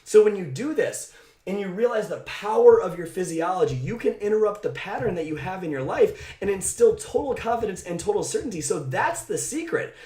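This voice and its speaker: A man coaching on mindset, talking straight to camera in an energetic, emphatic and direct way, often tagging his points with "right?". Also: high-pitched, a little fast, roomy sound. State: out of breath. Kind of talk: motivational talk to camera. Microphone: camera mic.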